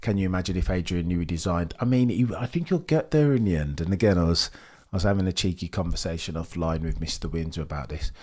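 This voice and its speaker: Deep-voiced man hosting an animated live watch-along. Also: fast. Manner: animated, theatrical, chatty with viewers. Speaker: livestream host. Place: home, at night.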